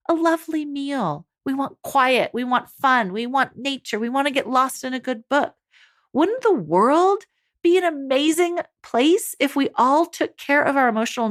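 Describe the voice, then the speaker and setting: A woman's voice: high voice, a bit bright. A woman life coach talking to mothers in a monologue, upbeat and encouraging, speaking straight to her listeners.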